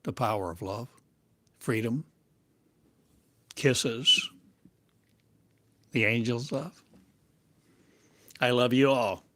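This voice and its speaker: A man as a spiritual teacher, delivering a channeled monologue in slow, halting, cryptic phrases. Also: medium pitch, sharp tone, dry recording. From United States.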